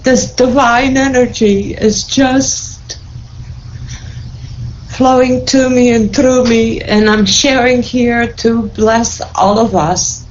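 A woman's voice: a little high, steady tone, takes it slowly, dull audio, a little hiss or hum. A woman sharing an emotional spiritual testimony in a group, fervent and tearful with joy, repeating her thanks and blessings.

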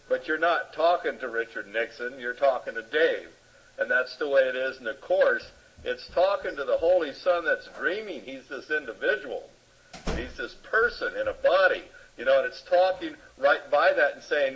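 A man sharing his view in an online group talk, telling it like a lively story full of "you know" and fillers. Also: on the high side, moderate pace, slightly rough. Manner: animated storyteller with lots of fillers. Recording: lo-fi online voice chat.

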